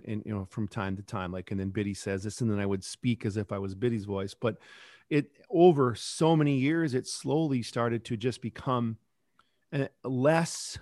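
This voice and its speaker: A man's voice: medium pitch, darkish tone, no echo, clean studio sound. A middle-aged man who creates a kids podcast, talking reflectively in a casual interview. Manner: reflective, rambling with restarts.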